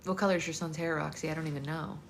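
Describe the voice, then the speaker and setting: A woman hosting a livestream book club, reading a novel aloud and cooing softly to a baby between passages. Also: low-pitched, steady tone, racing. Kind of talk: casual livestream read-aloud and chat. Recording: loud background noise.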